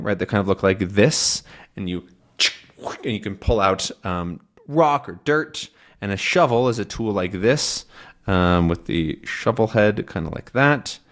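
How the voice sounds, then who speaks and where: A young man teaching English, explaining a comic slowly and clearly for learners. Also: fairly low pitch. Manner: slow, clear and animated.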